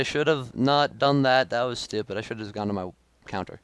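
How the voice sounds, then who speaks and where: A man's voice: medium pitch, brisk, clear, resonant tone, no echo. A young man giving live commentary on his own game match, frustrated and self-critical, with sudden outbursts. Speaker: gaming video creator.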